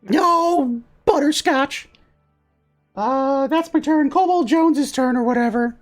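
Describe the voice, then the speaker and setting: A woman voicing a small, desperate male gingerbread warrior who talks in an excitable, melodramatic way in a tabletop game. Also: sits high, slow, faint music behind, pitched above the performer's own voice. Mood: feisty.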